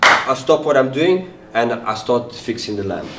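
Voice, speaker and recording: A man's voice: mid-range voice, animated, moderate pace, pushed and bright. A man interpreting a seminar talk into English, hesitant, with repeated words and fillers. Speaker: interpreter and co-presenter. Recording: echoey room, mic far off.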